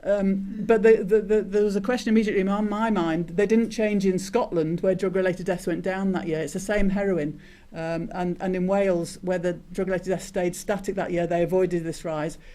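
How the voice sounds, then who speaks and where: An older man with a notably high voice gives a conference talk, telling a story from his years as a doctor. He speaks haltingly, stopping and restarting often and filling pauses with "um" and "uh". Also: steady tone, warm tone. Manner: hesitant, many restarts and fillers. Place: conference hall.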